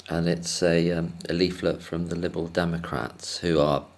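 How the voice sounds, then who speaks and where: A man's voice: deep voice, level tone, normal speed. A man telling a casual, rambling story to camera, hesitant and self-deprecating, chuckling often. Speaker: vlogger.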